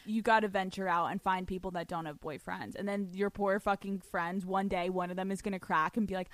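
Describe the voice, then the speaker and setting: A young woman hosts a podcast in a loose, profane, animated way, giving blunt advice and telling stories. Her voice sits at a middle pitch and sounds dry and close, with no room around it. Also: a little fast, no room sound. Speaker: podcast host. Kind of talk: casual advice chat, reading listener letters.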